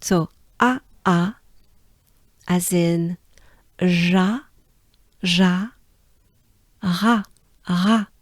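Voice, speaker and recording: French-accented woman tutor, patient and encouraging, unhurried delivery, dry booth-like sound. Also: lowish voice, steady tone, no room sound. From France. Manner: drills syllables slowly, patient and encouraging. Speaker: pronunciation teacher. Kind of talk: slow pronunciation lesson.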